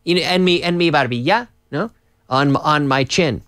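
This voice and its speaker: A man hosting a live lesson, upbeat and teacherly, repeating phrases slowly for learners. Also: fairly high pitch, fairly bright tone, no echo, studio quality. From Canada. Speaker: English teacher and host. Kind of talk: live-streamed English lesson.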